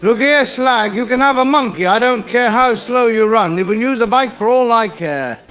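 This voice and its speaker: A man's voice: very high-pitched, animated, moderate pace, fairly bright tone, muffled recording. A man doing a pompous, fussy, self-pitying gent. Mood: exasperated. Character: pompous suburban man with a fussy, indignant temper. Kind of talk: AI-voiced comedy sketch.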